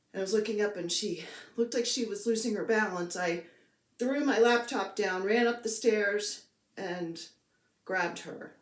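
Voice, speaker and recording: A woman in her fifties talks casually to camera at home, chatty and self-mocking. She speaks slowly with a middling voice. The room adds a noticeable echo. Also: medium pitch. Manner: chatty, self-mocking, playful baby talk to her cat. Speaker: craft vlogger. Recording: echoey room.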